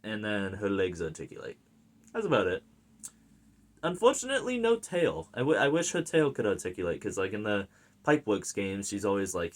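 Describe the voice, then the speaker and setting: A man's voice: lowish voice, very animated, normal speed. An American man giving a casual film review, rambling and enthusiastic, with plenty of fillers and restarts. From United States. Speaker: movie reviewer.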